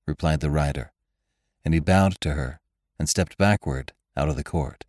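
A man narrating a classic western novel in a measured, even storytelling manner. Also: very deep voice, no room sound, studio quality. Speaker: audiobook narrator.

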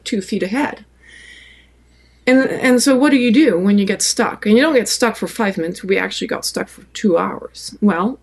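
A woman from France with a French accent, a podcast guest telling a long personal story in a relaxed way, with many fillers. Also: a little high, vocal fry.

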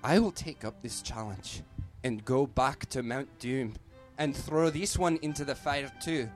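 A man's voice: mid-range voice, measured pace, faint music behind, natural voice. A man voicing a boastful male hobbit with a put-on Scottish accent, in a theatrical, bellowing delivery. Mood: grandiose.

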